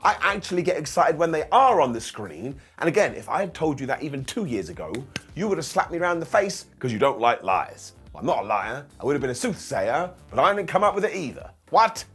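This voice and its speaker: A man's voice: fairly high pitch, very animated, a little fast, fairly bright tone, breathy edge, soft background music. A man reviewing a wrestling show in a casual, sarcastic recap, acting out quotes in funny voices.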